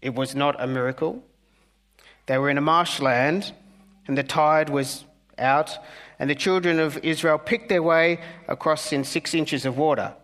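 A man's voice: fairly high pitch, steady tone, a little slow, fairly bright tone. A man voicing a skeptical minister who talks down to his listeners. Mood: condescending. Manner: condescending. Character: condescending skeptical male minister.

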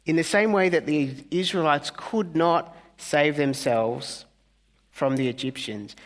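Male pastor, conversational sermon, slightly high voice, earnest, wry asides, hushed emphasis. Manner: conversational preaching with humorous asides; earnest, softening to near-whispers on key words.

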